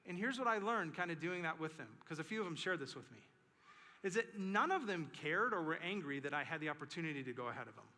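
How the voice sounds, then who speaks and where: A male pastor preaching a sermon in a church, telling stories in an animated way and repeating key phrases for emphasis. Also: on the high side, fast talker. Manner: animated storytelling with emphatic repetition. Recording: echoey church sanctuary.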